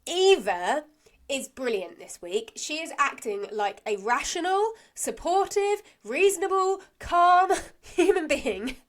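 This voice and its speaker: A woman's voice: high voice, big pitch swings, slow. A woman co-hosting a podcast, chatting casually as she recaps a soap, laughing often and acting out characters' lines. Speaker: podcast co-host.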